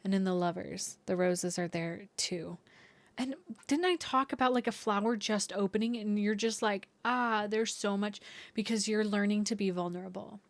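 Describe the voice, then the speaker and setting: A woman reads tarot cards for her viewers in a soft, meandering way. She searches for her words, circling back with fillers and restarts as she tunes into the cards. Her pitch sits in an ordinary middle range. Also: moderate pace, no room sound. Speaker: tarot reader. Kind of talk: intuitive tarot reading to viewers.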